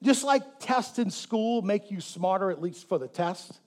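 A man preaching a sermon in church, animated and joking, who gets the congregation to repeat words after him. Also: high-pitched, measured pace. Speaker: pastor.

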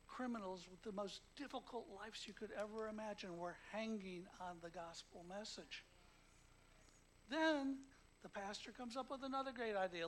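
A man with a notably high voice preaches a sermon. He tells stories and acts out the quotes, dropping to a hush and then rising to loud, emphatic emphasis. Faint ambient noise sits behind him. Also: rough recording. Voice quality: emotional, emphatic. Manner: storytelling with acted quotes, swinging from hushed to loud.

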